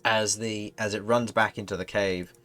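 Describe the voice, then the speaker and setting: Guy dm-ing a tabletop game, keeps correcting himself, some soft music behind. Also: lowish voice, flat delivery, normal speed. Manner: rambling, self-correcting narration with frequent laughs. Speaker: game master.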